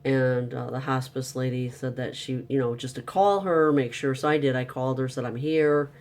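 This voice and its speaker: Man, vlogger, venting, exasperated, mid pitch, casual storytelling. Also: fairly even intonation, moderate pace, a little mellow.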